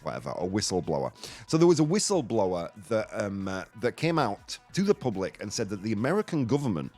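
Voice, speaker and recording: Playful male host with lively pitch. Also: fairly quick, soft background music. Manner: playful, joking, drops in Spanish phrases. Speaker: radio show host. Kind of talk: casual live morning show chat.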